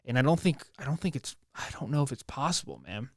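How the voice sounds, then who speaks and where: A man from the United States hosting a solo podcast from home, talking in a halting, emotional way and swearing often, with many restarts. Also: mid-range voice, lively intonation, dry recording, clean studio sound. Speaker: podcast host. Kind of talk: casual solo podcast monologue. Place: at home, near his bed.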